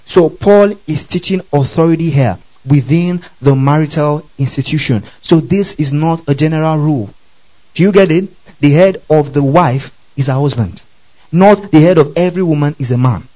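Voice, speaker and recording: Guy preaching, slightly high voice, keeps asking the church if they follow. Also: warm tone, dull audio. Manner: keeps checking the audience follows, repeating questions. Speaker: preacher teaching the Bible. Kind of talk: sermon.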